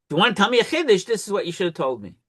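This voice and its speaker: Man explaining talmud, patient, sums things up, voice a bit on the high side. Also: sing-song, racing. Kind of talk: Talmud study session.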